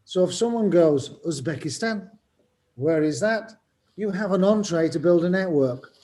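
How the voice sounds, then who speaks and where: A man's voice: high voice, lively intonation, normal speed, warm tone. An older man, a teacher chatting casually and telling stories with self-mocking humor. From England. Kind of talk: casual panel talk.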